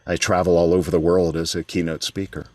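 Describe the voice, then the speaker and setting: A man's voice: low voice, flat delivery, fast talker, darkish tone, no echo, studio quality. A middle-aged man, a guest on an interview show, telling a candid story about himself with frequent restarts. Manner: candid, self-deprecating, with restarts. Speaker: guest, keynote speaker.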